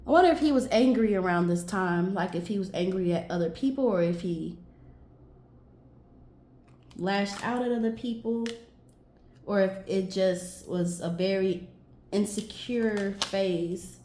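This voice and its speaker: Woman reading tarot cards, slow and drawn out, talking to herself, echoey room with faint hiss. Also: medium pitch, a little mellow. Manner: musing, talks to herself and viewers, stretches words. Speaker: tarot reader. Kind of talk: casual tarot reading monologue.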